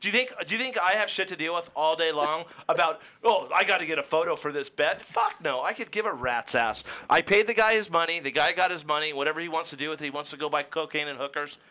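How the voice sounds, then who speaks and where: A man's voice: on the high side, fast, hardly any pauses, bright, forceful tone. Blunt, cursing man arguing on radio. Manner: blunt, profane, exasperated. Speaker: racer guest. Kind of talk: heated studio radio banter.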